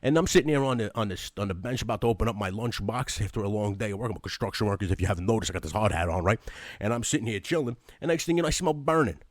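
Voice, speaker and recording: A man's voice: on the low side, animated, rapid-fire, no echo, clean studio sound. A man playing a chatty construction worker eyewitness who rambles and repeats himself. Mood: rambling.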